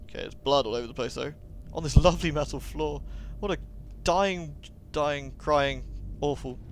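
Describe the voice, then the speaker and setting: Guy doing let's-play commentary, wry asides, mid pitch, faint hiss behind. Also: quick pace, a little mellow. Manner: sarcastic, jokey. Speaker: gaming commentator.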